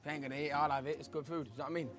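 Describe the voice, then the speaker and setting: Fast-talking brash waiter. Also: male voice, fairly high pitch, fairly even intonation. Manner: brash, joking. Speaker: waiter on a cooking show. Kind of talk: lively reality-show banter. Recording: busy restaurant crowd.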